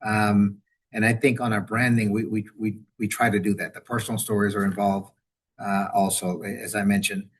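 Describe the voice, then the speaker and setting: A man's voice: fairly low pitch, normal speed, slightly rough. A middle-aged man, a university veterans director, talking as a webinar guest over a video call, rambling and restarting his sentences. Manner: rambling, restarts and repeats words, animated when quoting. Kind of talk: conversational webinar interview.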